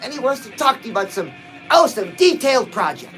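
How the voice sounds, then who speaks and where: A man's voice: extremely high pitch, very animated, a little fast, a bit bright, soft background music, poor audio. A man giving a punchy, exhorting motivational pep talk to his viewers, dropping frequent "oh"s as he talks. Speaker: motivational livestream host.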